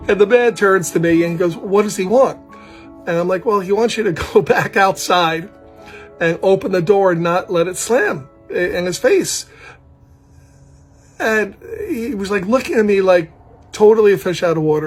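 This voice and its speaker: Man, high voice, proud father, casual storytelling, animated, laughs a lot, faint music behind. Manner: animated, laughs often while telling. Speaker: parent telling a family story.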